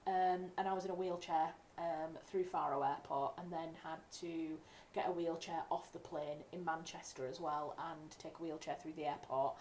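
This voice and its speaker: A woman's voice: low-pitched, steady tone, moderate pace, few pauses, darkish tone. A young woman from England chats casually to her livestream viewers from home. She rambles and corrects herself mid-sentence, speaking into a desk mic over faint background hiss. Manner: chatty, rambling, self-correcting. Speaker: writer hosting a livestream. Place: home room.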